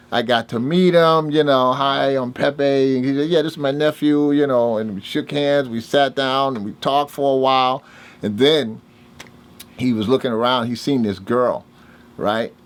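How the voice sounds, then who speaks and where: An older man, telling stories in a casual interview and acting out the dialogue with big swings in his voice. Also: normal speed. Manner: animated storyteller, acts out dialogue with big pitch jumps. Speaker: interviewee, music producer.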